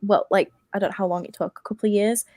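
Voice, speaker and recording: Animated young woman guest, dry sound. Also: medium pitch, fast talker, no echo. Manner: animated, trails off searching for words. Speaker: podcast guest. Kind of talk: casual chat.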